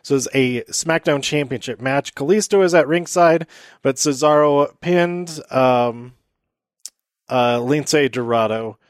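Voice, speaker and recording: Male podcast host, chatty and rambling, mid-pitched, recorded dry and close. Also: slow pace, no echo. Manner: rambling, many fillers, laughs at own jokes. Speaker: podcast host recapping wrestling. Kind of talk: casual solo recap.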